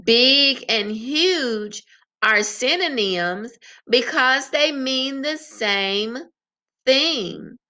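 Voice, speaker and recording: A woman teacher giving a slow, sing-song vocabulary lesson to young children. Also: high-pitched, lively intonation, pushed and bright.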